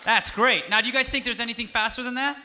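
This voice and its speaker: A man's voice: very high-pitched, steady tone, fast talker, a crowd in the background, noisy background. A man teaching music to a young audience on stage, playful and coaxing, drawing the children in. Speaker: music educator. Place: concert stage.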